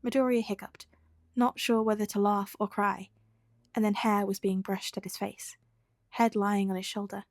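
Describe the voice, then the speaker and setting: A woman's voice: medium pitch, level tone, normal speed, no echo. Woman reading a story aloud, dry and close. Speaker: podfic reader. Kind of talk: fan fiction audiobook narration.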